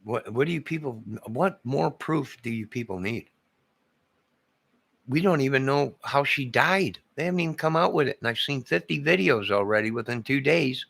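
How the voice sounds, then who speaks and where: A man's voice: medium pitch, moderate pace, gravelly, a bit bright, dry recording. An older man, a vlogger, in an agitated, repetitive, rambling monologue.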